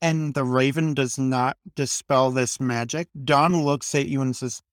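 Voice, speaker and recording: A man narrating a tabletop game as game master in a slow, measured way. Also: medium pitch, steady tone, dry recording.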